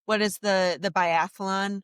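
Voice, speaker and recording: A young woman with a mid-pitched voice chats as a podcast co-host, bubbly and rambling, often trailing off. She is recorded close and dry. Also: fairly even intonation, slow, clean tone, no room sound. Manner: bubbly, rambling, trails off, laughs while talking. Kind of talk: casual chat.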